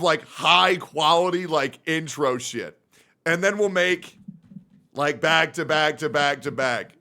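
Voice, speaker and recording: A male streamer reacting live, excitable and profane, breaking into loud shouts. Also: on the high side.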